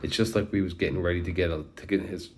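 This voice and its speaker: A man's voice: deep voice, steady tone, fast, slight background noise, close to an everyday voice. A man voicing an eager, breathless teenage girl in an audiobook. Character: excited teenage girl with guts.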